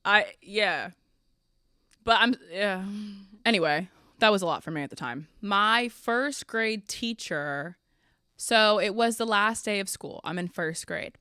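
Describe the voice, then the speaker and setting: A young woman hosting a podcast, telling funny stories from her life in a chatty, animated way, often laughing. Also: medium pitch, measured pace, clean tone, dry recording, clean studio sound. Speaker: podcast host. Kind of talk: casual storytelling.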